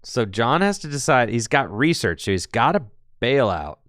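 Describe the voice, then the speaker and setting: A man's voice: mid-range voice, very animated, moderate pace, a bit bright, dry recording, clean studio sound. A man casually commentating a card game tournament stream, rambling with jokey asides and answering chat.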